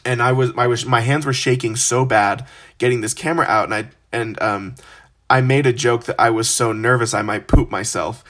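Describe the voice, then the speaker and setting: Young male podcast host, casual storyteller, animated and self-deprecating. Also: mid-range voice, normal speed. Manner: animated, self-deprecating, acts out quoted voices.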